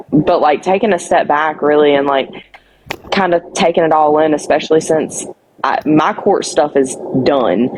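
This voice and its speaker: A woman's voice: low-pitched, background noise. A woman talking casually and earnestly on a live stream, rambling with many fillers. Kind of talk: casual chat.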